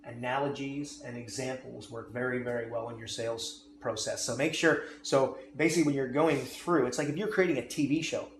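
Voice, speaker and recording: A man teaches selling in an emphatic, coaching manner, often pausing to check that his listener is following. His voice sits at an ordinary middle pitch. The recording is roomy and echoey, with a faint noise underneath. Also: fairly even intonation. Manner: emphatic, keeps checking in with "okay?" and "right?". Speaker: sales and marketing coach. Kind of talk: instructional talk on selling.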